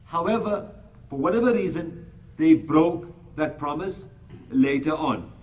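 A man's voice: on the high side, animated, a little slow, darkish tone, recorded from a distance, low-quality recording. A man giving a sermon that explains Quran verses, speaking rhetorically, acting out everyday scenes and reciting Arabic verses. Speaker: Islamic preacher.

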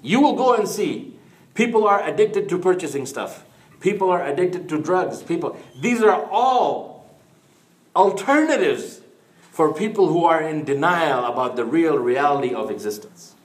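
A man's voice: on the high side, animated, unhurried, echoey room. A man preaching an Islamic sermon in an earnest storytelling manner, mixing in Arabic phrases.

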